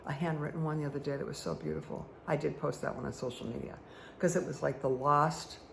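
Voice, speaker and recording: A woman's voice: low voice, animated, fast, vocal fry, fairly bright tone, a little hiss or hum. A woman giving a card reading for her viewers, chatty and rambling, who often checks in with "okay?". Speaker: spiritual guide reading tarot and angel cards. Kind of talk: casual talk to viewers while reading cards.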